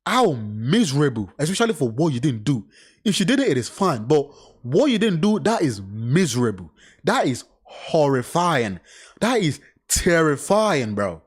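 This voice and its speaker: A man reading a crime case aloud and reacting casually, blunt and swearing often, with animated side remarks. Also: fairly high pitch. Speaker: reaction commentator.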